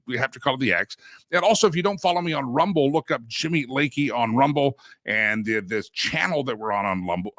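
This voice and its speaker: A man's voice: bright, forceful tone, no echo, studio quality. A man hosting a live political talk show, rambling and jokey, with many fillers and restarts. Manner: jokey, swings in pitch for emphasis.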